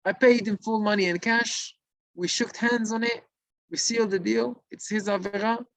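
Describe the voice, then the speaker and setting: A man's voice: high-pitched, steady tone, normal speed, creaky, fairly bright tone, no room sound, pitched above the performer's own voice, rough recording. A man voicing a guilty business partner who defends himself insistently. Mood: defensive.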